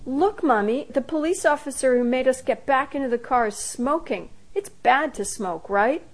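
High-pitched young twin boy, eager and whiny, played by a woman narrator. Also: animated, normal speed.

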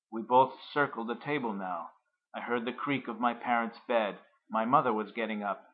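A man's voice: mid-range voice, normal speed, lo-fi sound. Man reading a story aloud, reflective. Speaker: narrator. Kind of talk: first-person story reading.

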